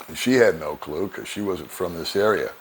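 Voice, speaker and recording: Older guy with a low voice just rambling through a story for his vlog, easygoing, little chuckles, faint hiss behind. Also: normal speed. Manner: relaxed, rambling anecdotes with chuckles. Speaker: vlogger. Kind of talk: casual storytelling to camera.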